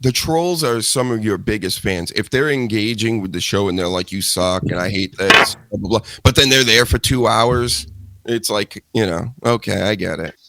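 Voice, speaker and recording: A man's voice: lowish voice, moderate pace, slight background noise. A man hosting a wrestling talk podcast, ranting casually with a lot of swearing. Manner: profane, animated ranting. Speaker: podcast host.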